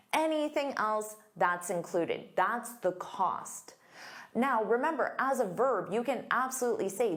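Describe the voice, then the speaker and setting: A woman coaching English learners at an unhurried pace, stretching out each word so it lands clearly. Her pitch sits in an ordinary middle range. She sounds like an online teacher walking through quiz examples. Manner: slow, deliberate, clear enunciation.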